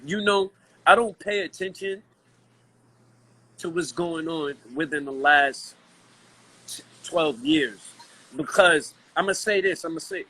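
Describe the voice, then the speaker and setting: A man from Brooklyn talking as a guest in a casual hip-hop chat, animated and slangy, restarting his sentences a lot. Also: a little high, takes it slowly, long pauses, rough recording.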